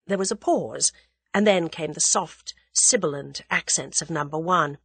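A woman reading a novel aloud in steady narration. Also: sits low, normal speed, husky, dry recording. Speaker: audiobook narrator. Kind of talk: scripted narration.

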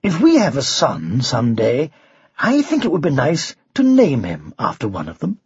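A man voicing a kindly, jovial knight in a storybook reading, a bit deeper than his narration. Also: wildly swooping pitch, moderate pace, darkish tone, breathy edge, dry recording, dull audio, exaggerated voice. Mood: fond.

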